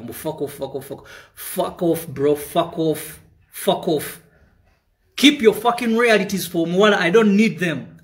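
A man's voice: high voice, a bit bright. A man from Uganda with a Ugandan accent, a musician in a heated, profane rant, switching between English and Luganda. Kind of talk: angry direct-to-camera rant.

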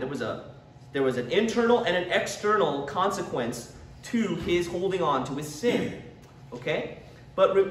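A man's voice: high-pitched, a little hiss or hum. A man teaching a church Bible lesson in a conversational way, sometimes acting out the people he quotes. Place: church classroom. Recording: echoey room, picked up from a distance.

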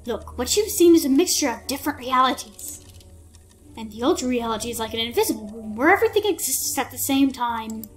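Calm fatherly captain in a game, read by a woman, lowered voice, patient and explaining. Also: brisk, faint music behind, natural voice.

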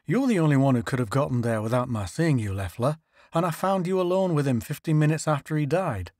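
A man voicing a calm, precise male ship's doctor in a slightly raised, measured voice. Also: fairly high pitch, dry recording, studio quality. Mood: explaining.

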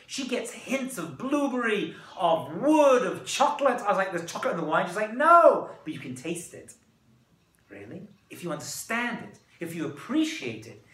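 A man in his thirties, a rabbi, giving a lively lecture to an audience, acting out voices in his stories. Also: sits high, recorded from a distance, a little hiss or hum. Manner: animated, acts out quoted voices, jokes with audience. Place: room with audience. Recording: echoey room from afar.

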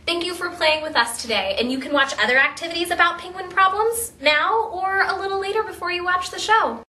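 A woman teaching artist leading a children's drama workshop in a playful, animated way. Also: very high voice. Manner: playful, animated, drawn-out delivery. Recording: echoey room, mic at a distance.

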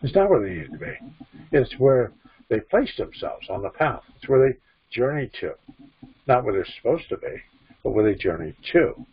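A man's voice: medium pitch, sing-song, moderate pace, slightly rough. A man teaching spirituality to an audience, repeating his phrases and asking the listeners questions. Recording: dull lo-fi recording.

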